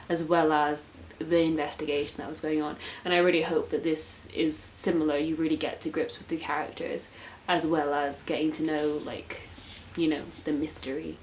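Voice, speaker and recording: Woman, 19, book vlogger; chatty, gushy, lower-pitched, slight tape hiss. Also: low-quality recording. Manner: chatty and gushing, with filler words and self-mocking asides. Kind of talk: casual chat. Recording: faint hiss.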